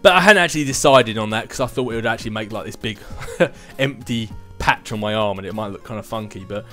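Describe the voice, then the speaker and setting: A man's voice: lowish voice, fast, a bit bright, soft background music. A young man in his twenties hosting a casual vlog and answering viewer questions in a rambling, chatty way, with self-mocking asides. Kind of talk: casual chat.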